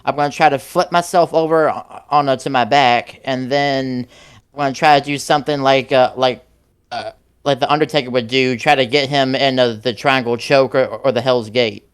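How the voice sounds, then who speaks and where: Man, smooth clear voice, halting player describing his moves. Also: medium pitch, steady tone. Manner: hesitant, lots of fillers. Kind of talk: casual tabletop play.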